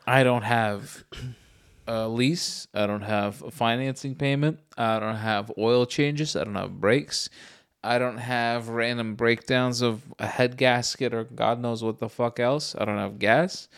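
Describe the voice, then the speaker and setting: A man in his thirties, co-hosting a crude, casual comedy chat and laughing his way through animated, profane stories. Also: mid-range voice, unhurried, clear, resonant tone. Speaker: podcast co-host.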